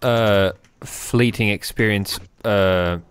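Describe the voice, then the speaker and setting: A man with an Irish accent chatting casually while playing a retro game, cursing and shouting at it. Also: lowish voice, takes it slowly, clear, resonant tone, soft background music. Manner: sweary, excitable outbursts while playing. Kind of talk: casual gaming chat.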